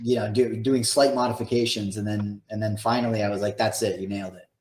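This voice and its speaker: A man's voice: on the low side, fairly even intonation, fast, a little mellow, reverberant. A man who is a game developer and co-hosts the Q&A, talking casually in an upbeat, emphatic way. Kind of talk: casual chat.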